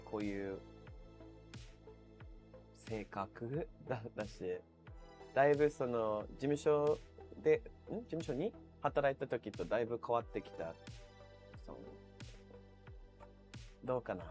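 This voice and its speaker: A man's voice: medium pitch, a little mellow. A man streaming live, chatting casually and reading out viewer comments, swearing freely and laughing often.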